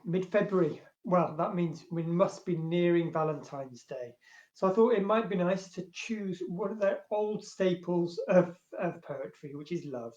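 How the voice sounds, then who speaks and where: A man who works as a librarian, chatting casually at home and reading love poems aloud, with many fillers and a louder, more expressive voice when he recites. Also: sits high. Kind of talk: casual chat and poetry reading. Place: at home, indoors. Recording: roomy, dull home recording.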